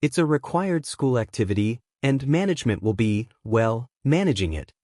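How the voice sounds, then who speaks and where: A man's voice: mid-range voice, very animated, normal speed, darkish tone, dry recording, studio quality, lightly acted. A man reading a fan story, voicing a stern adult male teacher making a formal announcement to a class.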